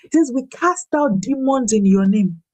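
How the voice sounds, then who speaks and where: A woman giving a personal faith testimony in an interview, talking in a preacherly way, with repeated words and big pitch swings when she retells a story. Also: lively intonation, moderate pace, darkish tone. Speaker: guest speaker.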